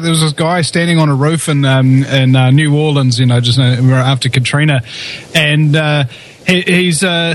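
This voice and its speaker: A man's voice: high-pitched, fairly bright tone. A man hosting a call-in talk radio show, chatty and rambling, fond of telling jokes.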